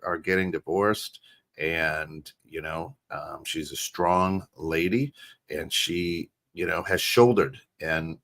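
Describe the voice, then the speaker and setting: A middle-aged American man co-hosting a podcast, talking in an animated, casual way, restarting phrases and often asking "right?". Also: low-pitched. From United States. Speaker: podcast co-host. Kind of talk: casual chat.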